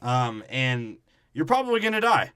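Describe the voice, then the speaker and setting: A man's voice: mid-range voice, big pitch swings, normal speed, pushed and bright, clear, resonant tone, dry recording, studio quality. A man co-hosting a podcast, riffing on a movie plot in crude, profane casual chat. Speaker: podcast co-host.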